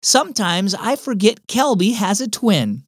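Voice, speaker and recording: A cheerful neighbor mother in a storybook, quick to apologize, voiced by a man. Her lines sit high and bounce, with a faint husky edge. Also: very animated, dry recording, studio quality, exaggerated voice. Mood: friendly. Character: friendly neighbor mom, chatty. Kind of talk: storybook reading.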